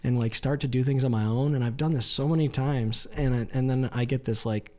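A man, a missionary guest in an interview, telling a lively story with lots of "like" and acted-out quotes. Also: medium pitch, fairly quick. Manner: animated storyteller, acts out quoted lines, frequent "like".

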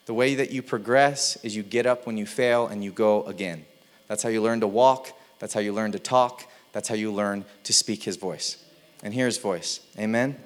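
With a mid-range voice, this male pastor delivers his sermon casually and conversationally. He stays animated and lighthearted, sprinkling in playful impressions from time to time.

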